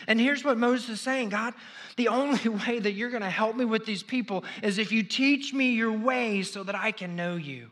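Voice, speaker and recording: A male pastor preaching a sermon, acting out prayers with swings from loud pleading to hushed whispers. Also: sits high, normal speed.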